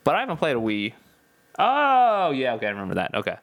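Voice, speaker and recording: A man's voice: mid-range voice, fast. Laid-back male podcast co-host. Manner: relaxed, rambling, self-correcting. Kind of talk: casual chat.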